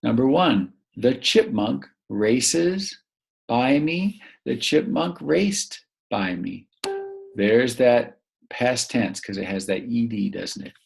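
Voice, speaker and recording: A man teaching a recorded grammar lesson to young children, patient and prompting them to pause and answer. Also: mid-range voice, expressive, gravelly, darkish tone, husky.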